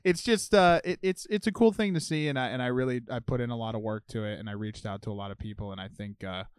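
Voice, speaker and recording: A man's voice: medium pitch, fast talker, clear, resonant tone, dry recording, clean studio sound. A man talking as a podcast guest in casual chat, laid-back, laughing often and swearing casually. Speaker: musician guest.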